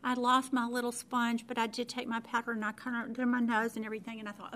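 A woman's voice: a little high, fairly even intonation, moderate pace, a bit bright, a little hiss or hum. A middle-aged woman, telling a personal faith story in a chatty, self-deprecating way full of fillers and restarts.

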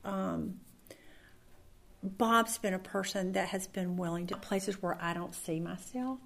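A woman's voice: mid-range voice, measured pace, a bit bright. A middle-aged woman leads a Bible study in a chatty, conversational way, telling stories with lots of fillers and restarts.

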